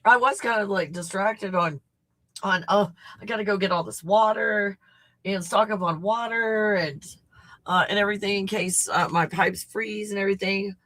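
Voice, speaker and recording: A woman's voice: mid-range voice, moderate pace, a bit bright. A woman hosting a casual livestream chat, snacking, reacting to viewer comments and swearing freely. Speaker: host.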